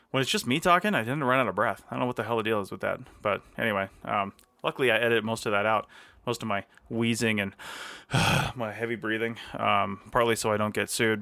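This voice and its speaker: A man's voice: lowish voice, gravelly, bright, forceful tone, no echo. A man hosting his own podcast from his office, rambling casually with lots of ums and restarts. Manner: chatty, many ums and restarts. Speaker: podcast host.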